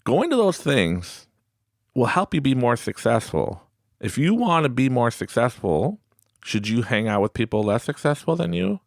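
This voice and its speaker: A man's voice: medium pitch, moderate pace, creaky, no echo, studio quality. A man in his late thirties hosting a motivational self-help talk, telling stories and acting out the voices he quotes. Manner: animated storytelling, acts out quoted voices. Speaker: podcast host.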